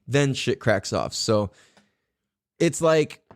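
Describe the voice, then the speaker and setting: A man hosting a podcast in casual chat, swearing freely and jumping up into a higher voice to act out what others said. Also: takes it slowly, dry recording. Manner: animated, swears a lot, acts out quotes in a higher voice. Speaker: podcast host.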